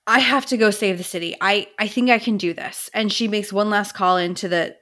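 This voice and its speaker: A woman's voice: medium pitch, brisk, fairly bright tone. A woman co-hosting a book podcast, retelling plot scenes in a casual, emotional way. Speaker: podcast co-host.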